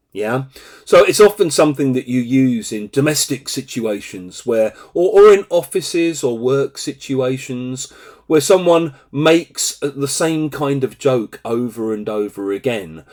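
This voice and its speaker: A man's voice: mid-range voice, darkish tone. A middle-aged man teaching an English phrase to learners in a chatty way, acting out little quoted scenes as he goes.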